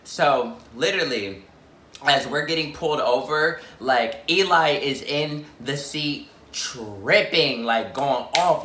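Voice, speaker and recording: A man's voice: mid-range voice, slow, reverberant. Chatty man telling a storytime vlog. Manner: chatty, heavy "like" fillers, animated retelling. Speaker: YouTuber.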